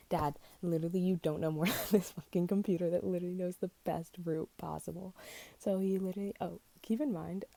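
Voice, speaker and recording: Low gravelly young woman ranting casually. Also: warm tone. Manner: rambling, swears constantly, self-mocking. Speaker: vlogger. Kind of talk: casual storytime rant. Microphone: headphone mic.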